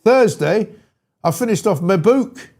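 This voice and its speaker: A swaggering, self-satisfied politician rattles off his achievements with defiant pride, as a man puts him on in a jokey impression. His voice sits a little high for a man. Every claim lands as a small victory lap. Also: lively intonation, a little slow, darkish tone, full character voice. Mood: boastful. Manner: defiant, boastful, repeats "they said I couldn't". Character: mock-triumphant male politician boasting of his week.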